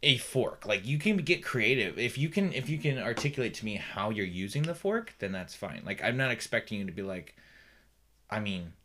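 Lively low-voiced man in playful chat. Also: moderate pace, a little hiss or hum. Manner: playful, teasing, laughs often. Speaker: podcast co-host. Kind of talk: casual chat.

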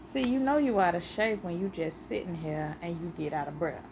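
Animated woman chatting on her podcast. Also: fairly low pitch, moderate pace, background noise. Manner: animated storytelling, playfully argumentative. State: a little out of breath. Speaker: podcast host. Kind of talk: casual solo podcast chat.

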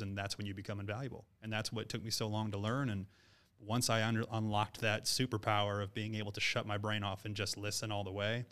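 Blunt, earnest man with a flat, smooth voice. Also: on the low side. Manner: earnest, blunt advice-giving. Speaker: business owner, guest. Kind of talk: reflective interview talk.

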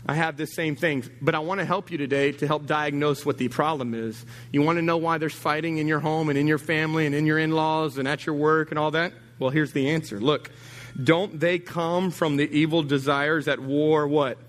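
A middle-aged man preaching a sermon as a pastor, teasing and animated, dropping low and quiet, then rising high and emphatic. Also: normal speed, big-room sound.

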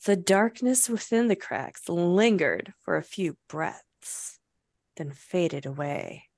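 A woman's voice: on the low side, expressive, slow pace, a little mellow, no room sound. A woman co-hosting a casual book podcast, reading passages aloud with laughing asides. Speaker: podcast co-host recapping a novel. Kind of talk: casual book recap chat.

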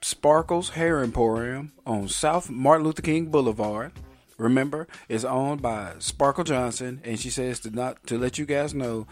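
A man's voice: mid-range voice, moderate pace, faint music behind. A man hosting a podcast, chatting casually and jokingly, with frequent ums and uhs. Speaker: podcast host.

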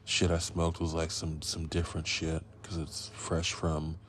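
A man hosting a casual film review podcast, rambling and profane, a bit loopy from being high. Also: completely flat delivery, measured pace, a little hiss or hum. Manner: rambling, loose and profane, goes off on riffs. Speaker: podcast host.

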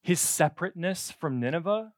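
Male preacher, conversational and jokey, higher voice, dry close sound. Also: fairly quick, no room sound. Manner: animated, conversational, jokey asides. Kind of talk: sermon.

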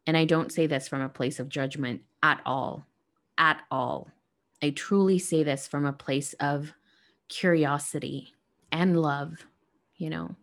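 A woman hosting a reflective spiritual monologue, speaking gently and earnestly to her listeners. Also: low voice, fairly even intonation, measured pace. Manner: gentle, soft-spoken, earnest.

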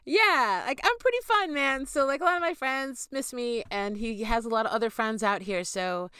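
Fast-talking profane woman spinning stories. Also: on the high side, bright, forceful tone, smooth, no room sound, studio quality. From California. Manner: loose, profane storytelling with acted-out quotes. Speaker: podcast co-host. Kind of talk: casual chat.

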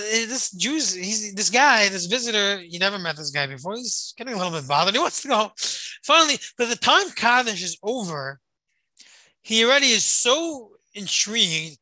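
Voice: medium pitch, bright, forceful tone, no room sound, low-quality recording. A Torah study leader telling a story to a group on a call, rambling and repeating words, explaining Hebrew terms as they go. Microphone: call or online meeting.

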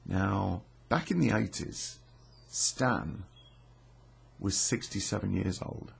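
A middle-aged man tells a true story in a slow, unhurried way, his voice gravelly and very husky. He rambles along with plenty of fillers, restarts and casual swearing. His voice sits fairly low.

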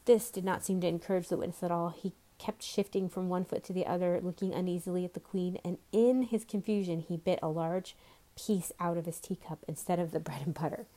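A woman reads a classic children's storybook aloud, pausing now and then for a casual aside to her listeners. Her voice is mellow and on the low side. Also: fairly even intonation, rough recording. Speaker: storybook reader. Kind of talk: reading a children's novel aloud.

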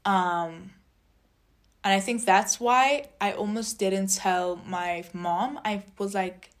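A young adult woman telling a personal story in a casual vlog, chatty and animated, acting out quoted dialogue. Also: mid-range voice, slow pace. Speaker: vlogger.

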